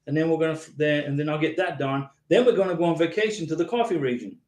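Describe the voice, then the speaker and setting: Rambling through his live visa advice stream, an American man repeats himself and calls viewers by name as he answers their comments. He talks fast in a fairly high, darkish voice, and the room rings with echo.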